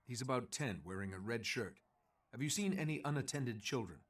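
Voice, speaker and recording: A man's voice: mid-range voice, lively intonation, brisk, distant mic, natural voice. An actor voicing an earnest male hero, polite and straightforward in manner. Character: earnest male hero searching for a lost child.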